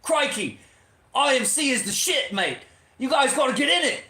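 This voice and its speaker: A brash, hyped Australian-style pitchman bursts out in a high, loud voice as a man puts on a mock accent. The put-on accent is broad and exaggerated. The room leaves an echo around it. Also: very animated, moderate pace, heavily acted.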